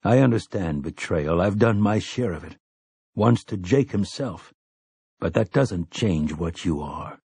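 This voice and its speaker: Guy doing a cold blunt gunslinger, deep dark voice, slow and quiet, dry sound. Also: expressive, husky, no room sound, exaggerated voice. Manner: low, slow, quiet menace. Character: stern weathered male gunslinger, cold and blunt.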